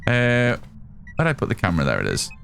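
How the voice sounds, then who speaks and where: A British man talks through a game on a live stream, answering chat as he plays. His voice sits at an ordinary middle pitch but swings up and down a lot. A faint hum runs underneath the recording. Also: wildly swooping pitch, a little fast, gravelly, fairly bright tone. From United Kingdom. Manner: chatty, reads out and answers chat while playing. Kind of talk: casual live gameplay commentary.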